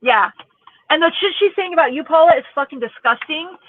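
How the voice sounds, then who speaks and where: A woman's voice: high-pitched, animated, fairly quick, no echo. A woman in her forties ranting angrily in casual, profane, sarcastic commentary as a YouTube commentator. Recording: tinny phone-like audio, dry.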